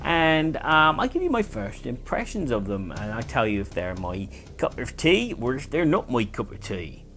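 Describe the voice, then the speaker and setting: A man's voice: mid-range voice, very animated, moderate pace, few pauses, a bit bright, soft background music. A man hosting a casual board game review video, explaining rules in a chatty, rambling way with fillers and self-corrections. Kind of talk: casual monthly review chat.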